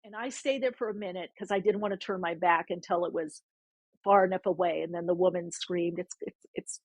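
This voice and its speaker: A woman's voice: on the low side, fairly quick, dry recording. A woman podcast host casually telling a spiritual story, rambling and often breaking off mid-sentence. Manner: rambling, self-interrupting, animated retelling.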